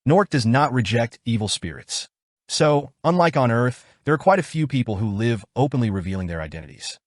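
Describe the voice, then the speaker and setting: A man narrates a story recap in the first person, his pitch moving in a lively, animated way. He tells it briskly and wryly. The sound is dry and close, with a mid-range voice. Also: no echo.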